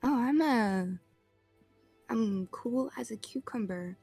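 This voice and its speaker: A woman voicing an anxious young adventurer who talks haltingly, in a tabletop role-play. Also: mid-range voice, animated, dry recording, soft background music. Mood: worried. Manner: hesitant, halting.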